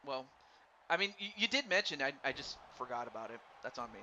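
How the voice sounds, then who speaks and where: A man doing live play-by-play commentary on a wrestling game for a stream, excitable and stumbling over his words while chatting with viewers. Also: medium pitch, quick pace. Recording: dull lo-fi stream mic with faint noise.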